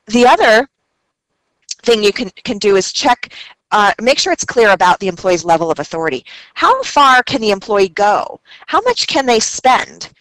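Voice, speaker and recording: A woman presenting a recorded webinar. She teaches through anecdotes and adds quick asides as she talks. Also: mid-range voice, dry recording, poor audio.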